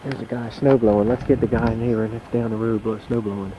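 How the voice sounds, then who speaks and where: A man casually narrating his home video on a handheld camcorder as he walks outdoors through deep mountain snow. He talks in a chatty, wry way and curses mildly. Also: level tone, fairly quick, background noise. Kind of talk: casual narration while filming.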